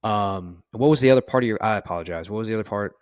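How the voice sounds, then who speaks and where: Low-voiced firefighter telling candid stories. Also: male voice, fast talker, dry recording, clean studio sound. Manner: candid and profane, heavy use of "you know"; acts out quoted dialogue in his stories. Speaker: firefighter officer guest. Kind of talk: casual interview storytelling.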